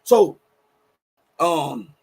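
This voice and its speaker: A high-voiced man with a husky edge hosts live political commentary. He speaks emphatically and pushes his voice to near-shouting for stress. Between those peaks he rambles and corrects himself as he goes. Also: big pitch swings, drawn-out words. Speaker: show host.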